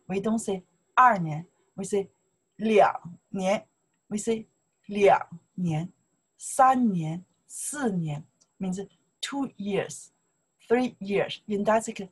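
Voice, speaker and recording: Slow husky woman teacher. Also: mid-range voice. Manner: slow, repeats "okay?" often, broken English. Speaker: Chinese language teacher. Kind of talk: explaining grammar to learners.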